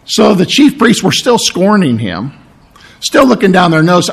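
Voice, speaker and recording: A man preaching a sermon, teaching through a Bible passage. His voice is strained, he clears his throat often, and he keeps checking in with "okay?" and "all right?". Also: a little high, big pitch swings, unhurried. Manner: explanatory, asks "okay?" and "all right?" for agreement. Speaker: pastor.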